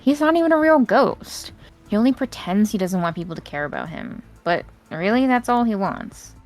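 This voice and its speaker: A woman's voice: mid-range voice, expressive, moderate pace, soft background music, voice pushed up, natural voice. A woman voicing a jealous, desperate female spirit, reading its taunting lines from a game aloud. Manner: taunting, mocking dramatic read-aloud.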